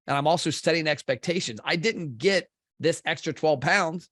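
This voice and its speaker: A man's voice: on the high side, a little fast, fairly bright tone, no room sound, clean studio sound. A middle-aged man from Kentucky, a marketing company head, talking bluntly and intensely as a podcast guest and swearing casually. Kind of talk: blunt conversational interview.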